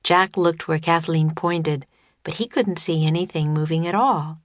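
A woman reading her own children's book as an audiobook, with measured storytelling on a close studio mic. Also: low voice, steady tone, dry recording. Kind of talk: scripted narration of a children's audiobook.

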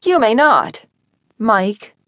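A fiery young woman, forceful and quick to shout, her voice pushed up high and loud, as a woman narrator puts her on. She is the spirited heroine of an audiobook romance, read in a dry booth with no echo. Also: big pitch swings, heavily acted. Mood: defiant.

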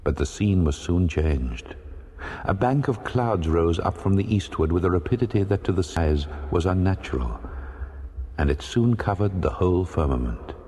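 A man narrating a classic sea story in a measured, dramatic storytelling manner. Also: low-pitched, animated, dark tone. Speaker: audiobook narrator. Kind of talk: scripted narration of a classic novel. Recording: long hall reverb.

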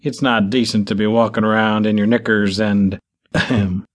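A male narrator voicing a plainspoken old rural farmer who talks in a slow, folksy drawl. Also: lowish voice, flat delivery, lightly acted.

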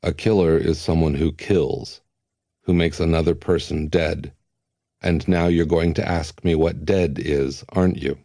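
A flat, commanding voice from an unseen official, voiced by a male narrator, clipped and a little irritated. The pitch sits very low and the tone is dark and mellow. The recording is dry and close. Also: measured pace, dry recording, full character voice.

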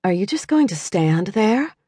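A sharp-tongued female jackal shifter, put on by a woman reading an audiobook. Her sardonic, snappy lines swing widely in pitch, and the recording is close and dry. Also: very animated, unhurried, husky, dry recording. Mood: exasperated.

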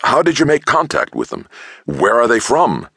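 A man voicing an eager, excitable male scientist in an audiobook, with a pleading manner. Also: medium pitch, moderate pace, gravelly, slightly rough, dry recording, studio quality, voice pushed up, full character voice. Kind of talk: audiobook character voice.

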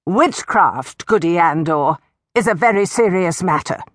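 A woman voicing a pompous village chaplain who speaks slowly and solemnly. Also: fairly low pitch, lively intonation, dry recording, clean studio sound. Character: pompous double-chinned village chaplain man.

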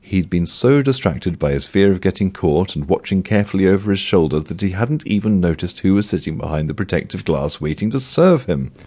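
A man's voice: low voice, animated, brisk, few pauses, darkish tone. A man narrating a comic novel with a dry, wry delivery. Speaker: audiobook narrator.

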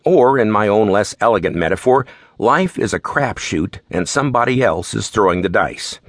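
Wry low-voiced male audiobook narrator. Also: moderate pace, no room sound, studio quality. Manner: wry, relaxed storytelling. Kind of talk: first-person audiobook narration.

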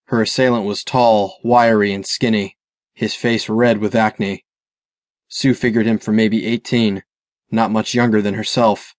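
A man reading a novel aloud as audiobook narrator, steady and measured. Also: on the low side, no room sound, studio quality. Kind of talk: scripted narration.

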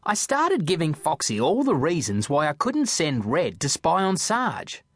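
A man narrating a children's audiobook in a playful, expressive storytelling manner. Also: fairly high pitch, unhurried, dry recording, studio quality.

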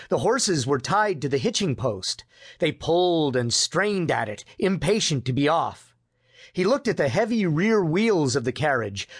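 A man's voice: fairly high pitch, husky, no room sound, clean studio sound. A man narrating a children's biography audiobook, giving the characters their lines. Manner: storytelling with voiced dialogue. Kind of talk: scripted narration.

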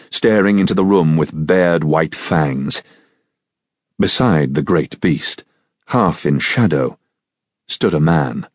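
A man narrating an audiobook in a measured, steady storytelling manner. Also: extremely low pitch, no room sound, clean studio sound. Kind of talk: scripted narration.

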